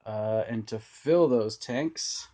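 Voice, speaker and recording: A relaxed man with a low voice tours his tanks at a slow pace, rambling as he films. He's an aquarium hobbyist vlogger walking through an indoor home room full of aquariums, recording on a phone camera he holds himself.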